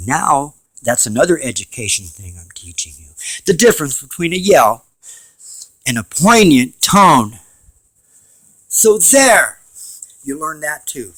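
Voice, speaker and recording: Lively, rambling man lecturing at home. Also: on the high side, normal speed, poor audio. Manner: emphatic, rambling, swings from loud to quiet. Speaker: home video host.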